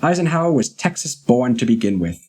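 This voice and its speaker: Male reader with a husky voice, mid pitch, steady and deliberate in his reading. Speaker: reader of a historical article. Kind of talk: reading a magazine article aloud.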